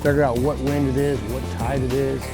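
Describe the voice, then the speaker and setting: A man, a fishing guide hosting his show, giving excited folksy commentary from a boat outdoors while talking to viewers. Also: medium pitch, brisk, music in the background. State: breathing hard.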